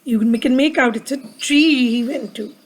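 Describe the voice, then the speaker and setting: A woman's voice: sits high, moderate pace, poor audio. A woman with a sore throat reading a picture book aloud to children, asking them to repeat words with her. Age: adult with a daughter. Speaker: storyteller for children.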